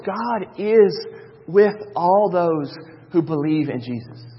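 A man's voice: sits high, slightly rough. A man, preaching a sermon as pastor with emphatic repetition and homely asides. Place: church sanctuary. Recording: dull reverberant hall.

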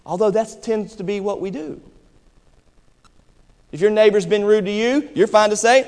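Pastor guy preaching, fairly high voice, slows way down to hit points then rushes asides, big reverby church sound. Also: darkish tone. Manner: emphatic preaching, swings between quick asides and slow stressed phrases. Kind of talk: sermon. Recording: hall reverb.

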